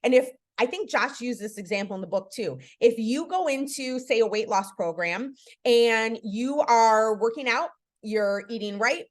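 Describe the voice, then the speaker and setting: A woman's voice: on the high side, moderate pace, few pauses. A middle-aged woman hosting a live book club on a video call, talking in an earnest, encouraging way with lots of "you know" and "like". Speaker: podcast host leading a book club.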